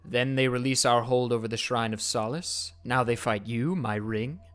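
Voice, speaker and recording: A man's voice: medium pitch, a bit bright, smooth, natural voice. A man voicing a distorted cult priest in flames. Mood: commanding. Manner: slow, grave pronouncements.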